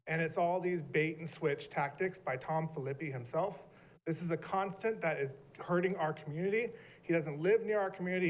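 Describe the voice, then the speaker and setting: A middle-aged man giving an emotional, earnest public comment at a city planning meeting. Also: a little high.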